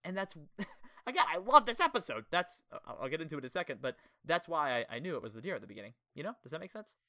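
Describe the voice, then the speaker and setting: A young man chatting casually about a kids' show episode, animated and laughing often. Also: on the high side, fast, no room sound, studio quality. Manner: animated, laughs often, acts out quoted lines. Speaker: podcast co-host.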